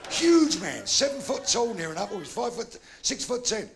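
An older man telling bawdy jokes in live stand-up, with gravelly punchy delivery and shouted punchlines. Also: high-pitched, very animated, moderate pace, faint music behind. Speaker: stand-up comedian. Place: live comedy venue with audience.

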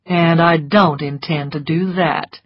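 A woman voicing a suave, teasing older man in an audiobook, speaking low and hushed. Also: steady tone, slow, slightly rough, no echo, full character voice. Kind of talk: audiobook dialogue. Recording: dry, slightly muffled studio audio.

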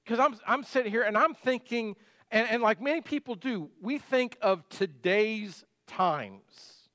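A man's voice: high-pitched, unhurried, fairly bright tone, no room sound. A middle-aged male pastor giving a conversational sermon full of rhetorical questions.

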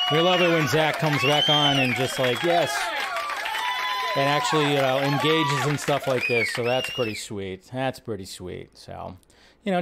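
A man's voice: fairly high pitch, fairly bright tone. Chatty man hosting a livestream. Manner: rambling, chatty, quotes lines in raised voice. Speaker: livestream host. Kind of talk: casual livestream commentary.

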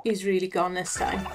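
A woman streaming slots, giving excitable commentary, cheering on the reels and laughing often. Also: medium pitch. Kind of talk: excited commentary over a slot game.

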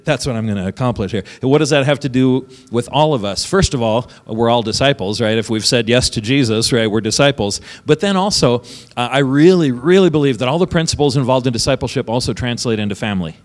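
A man's voice: mid-range voice, expressive, fairly quick, big-room sound. A man preaching a sermon as pastor, talking conversationally and often checking in with "right?" between points. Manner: conversational, keeps asking "right?" and chuckling. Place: church sanctuary.

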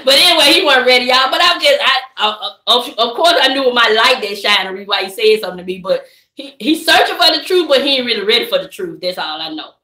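A woman's voice: a little high, expressive, a little fast, bright, forceful tone. A woman chatting on a live stream, easygoing and preachy, calling her viewers baby and y'all. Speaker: vlogger hosting a live stream. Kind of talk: casual live-stream chat. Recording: echoey room.

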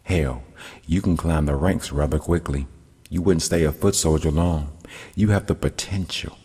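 A man voicing a sly, scheming male devil who teases and tempts in a smooth, persuasive way. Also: extremely low pitch, fairly even intonation, normal speed, dark tone, exaggerated voice. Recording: long hall reverb.

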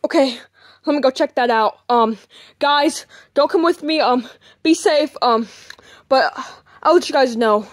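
A man's voice: extremely high pitch, a little slow. A man voicing a bumbling police officer in a puppet fan video, hesitant and full of ums.

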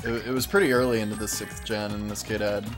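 A man's voice: on the low side, steady tone, fast talker, music in the background. A man from Texas co-hosting a gaming show, bantering casually with wry, joking asides and frequent laughter. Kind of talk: casual let's-play banter.

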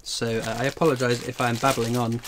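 A man chats away on his livestream, jokey and rambling as he reads out chat messages. He talks at a middling pitch and sounds buzzy from strong coffee. A faint hiss sits under his voice. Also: level tone, fairly quick. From England. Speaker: livestream host, coin collector.

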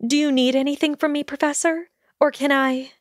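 A woman voicing an earnest, weary young witch student in a storybook reading, speaking quickly and pleadingly. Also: mid-range voice, darkish tone, no room sound, studio quality, lightly acted.

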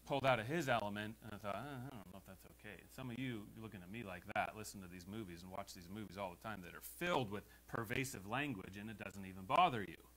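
A man's voice: fairly low pitch, quick pace, hardly any pauses, rough recording. Emphatic American pastor man preaching. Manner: emphatic, rises to loud exhortations. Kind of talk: sermon. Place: church sanctuary. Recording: faint hum behind the voice.

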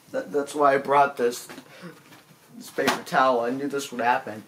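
A man delivering a mock-serious apology monologue as a comedy vlogger. He stammers and sounds tearful and self-pitying, and his pleading breaks into sudden high, squeaky cracks. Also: little pitch movement, moderate pace, noisy background.

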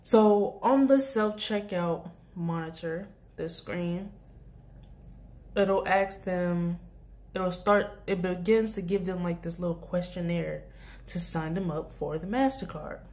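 A woman's voice: fairly low pitch, takes it slowly, pauses often, darkish tone. A young woman vlogger telling a casual storytime about her job, rambling with many restarts and asides. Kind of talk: storytime vlog.

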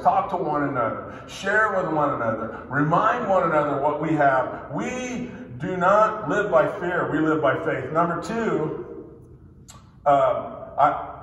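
A man preaching a sermon with a voice pitched a little high. He leans into refrains and draws out key phrases for emphasis. The sound is distant and echoes heavily through a large hall. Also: fairly bright tone. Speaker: pastor. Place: church sanctuary.

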